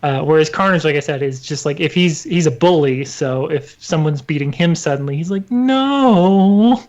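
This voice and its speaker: A man co-hosting a casual comics podcast, animated, laughing often and slipping into quick character voices. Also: on the high side, highs cut off. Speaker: podcast co-host.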